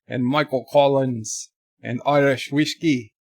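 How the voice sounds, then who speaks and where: Wry man reading chat, slow and dry. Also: medium pitch, steady tone, darkish tone, no room sound. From United States. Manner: wry, rambling, reads chat aloud. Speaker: livestream host reading donations and chat. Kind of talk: casual chat.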